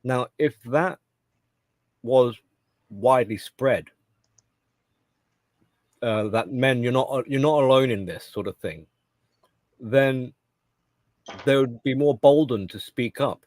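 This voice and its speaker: A man co-hosting a casual chat, thinking aloud in a halting, discursive way. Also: mid-range voice, a little mellow, no echo.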